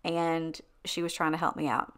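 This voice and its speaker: A woman with a somewhat low voice chats casually to her viewers, like she is catching up with a friend. She talks freely and laughs easily between her sentences. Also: moderate pace, clean tone. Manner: chatty, laughs between lines, animated retelling. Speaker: lifestyle vlogger. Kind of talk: casual storytelling chat.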